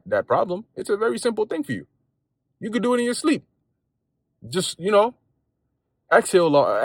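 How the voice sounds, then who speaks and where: A man's voice: medium pitch, no room sound. A man giving a casual spoken Bible lesson in a conversational, repetitive way, with street slang and frequent restarts, talking from a car while driving. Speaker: lay preacher.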